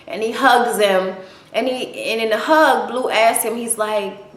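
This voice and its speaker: Woman reviewer, mid-pitched, blunt and foul-mouthed, casual recap, echoey room. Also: measured pace, fairly bright tone. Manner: profane, blunt, opinionated. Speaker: TV show reviewer.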